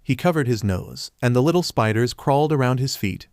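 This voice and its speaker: A man's voice: mid-range voice, lively intonation, brisk, few pauses, a little mellow, dry recording. Man narrating a fan story, dry sound.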